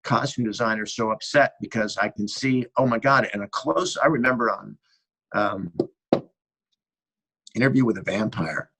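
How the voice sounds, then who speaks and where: A middle-aged American man, a guest cinematographer, tells animated behind-the-scenes stories in a casual interview and acts out bits of dialogue. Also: lowish voice, normal speed, pauses often, husky, low-quality recording. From United States. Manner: animated anecdotal storyteller who acts out dialogue.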